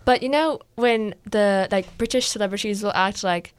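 A woman's voice: mid-range voice, normal speed, hardly any pauses, clean tone. A young woman co-hosting a podcast in casual chat with friends, a chatty storyteller who laughs often. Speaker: podcast co-host.

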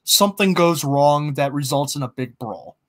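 A man's voice: fairly high pitch, moderate pace. Hesitant man brainstorming in casual chat. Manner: hesitant, many ums and restarts. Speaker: co-host planning a fiction podcast.

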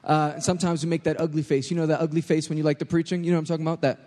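Joking New York youth preacher. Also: male voice, on the high side, racing, a little hiss or hum. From United States. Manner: lively, joking, calls for crowd response. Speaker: youth pastor. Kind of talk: energetic sermon to a youth crowd. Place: large church hall. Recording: live hall recording with long reverb.

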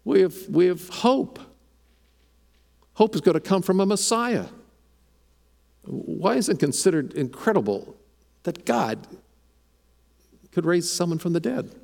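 A man's voice: fairly high pitch, animated, moderate pace, gravelly, pauses often, darkish tone, in a large hall. A man preaching a sermon as pastor, emphatic, repeating words as he builds his points.

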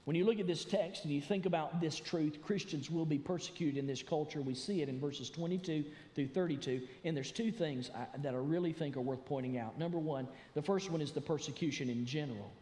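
A man preaching a sermon as pastor, animated and building to emphatic shouts. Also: a little high, brisk, hardly any pauses. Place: church sanctuary. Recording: echoey church hall.

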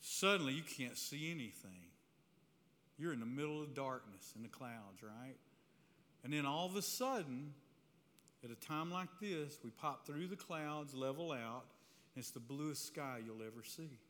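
A man preaching a testimony to a live audience in a church hall, telling his story in an animated, conversational way that keeps checking in with "right?". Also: medium pitch, unhurried. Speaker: speaker giving a testimony. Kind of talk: sermon-style testimony storytelling. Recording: reverberant hall, faint room noise.

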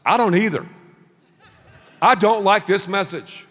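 A man preaching a sermon as pastor, punchy and animated, leading the crowd in call-and-response. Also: high voice, measured pace. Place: large church auditorium. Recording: long reverb of a large hall.

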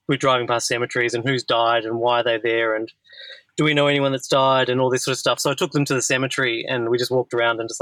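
A man in his thirties hosts a relaxed podcast conversation, wandering through his thoughts and leaning on filler words. His voice is bright and forceful. The sound is dry and close. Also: medium pitch, no echo, poor audio. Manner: rambling, heavy use of filler "like". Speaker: podcast host. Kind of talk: casual conversational chat.

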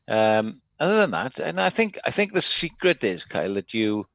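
A Welsh man telling stories in a relaxed, chatty way on a podcast. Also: medium pitch, normal speed, vocal fry, no echo, highs cut off. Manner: chatty anecdotal storyteller. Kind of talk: casual chat, storytelling.

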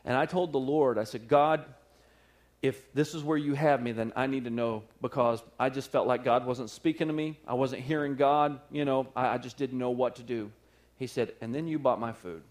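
A man preaching, telling a personal story in a sermon with lively acted-out quotes and frequent laughter. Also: mid-range voice, normal speed. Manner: animated storyteller, acts out quotes, laughs often. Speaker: pastor. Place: church service.

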